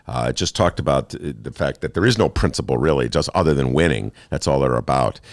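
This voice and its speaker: A man hosting a casual political talk show from a studio, animated and sarcastic, often jumping into high mocking voices. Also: fairly quick, no echo. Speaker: host. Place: radio studio.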